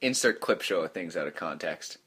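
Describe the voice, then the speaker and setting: A man's voice: sits low, animated, a little fast, bright, forceful tone, breathy edge. A young man co-hosting a podcast and editing it, chatting casually with dry teasing jokes. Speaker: podcast co-host and editor. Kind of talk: casual chat.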